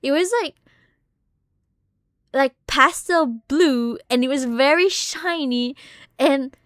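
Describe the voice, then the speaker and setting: A young woman streamer telling a story in a casual, animated way, swearing freely and shrieking when she acts out what she said. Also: high-pitched, slow pace, no room sound, studio quality. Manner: animated, swears a lot, shrieks in retold moments.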